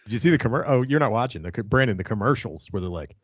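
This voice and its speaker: A man hosting a casual podcast chat, animated and jokey with plenty of swearing. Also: fairly low pitch, racing, hardly any pauses, no room sound, dull audio. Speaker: podcast host.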